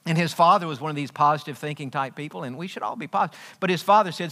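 Bright-voiced preacher in a reverberant hall. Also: male voice, on the high side, very fast, hardly any pauses. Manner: emphatic, repetitive preaching with folksy humor. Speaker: pastor. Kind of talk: sermon. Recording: long reverb of a large hall.

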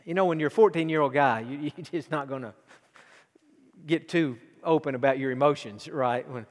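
A pastor in his forties with an East Texas accent preaches a sermon in a folksy, storytelling style, sinking to a near hush before swelling into fervent exhortation. His fairly high voice keeps a moderate pace and echoes through a large hall.

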